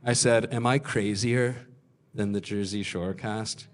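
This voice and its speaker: A young man telling self-deprecating stand-up stories on a comedy club stage, acting out other people's lines in quick voices. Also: fairly low pitch, steady tone. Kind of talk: stand-up storytelling.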